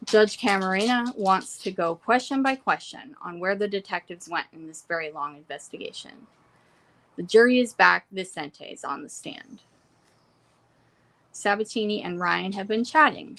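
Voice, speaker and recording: A young adult woman casually recapping courtroom notes from home, reading quotes and adding quick asides. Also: medium pitch, a bit bright. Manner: reads court quotes then adds asides. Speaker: trial reporter. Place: home room with pets.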